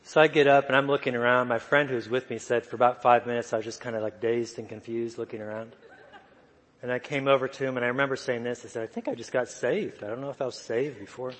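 A man preaching a sermon, telling a personal story in a soft, humorous way. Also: medium pitch, steady tone, fast. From United States. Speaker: guest preacher. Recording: long reverb of a church hall.

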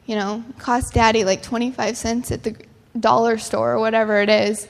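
A young adult woman giving a sermon-style talk, telling stories earnestly with casual fillers. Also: fairly high pitch. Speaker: speaker. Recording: long hall reverb.

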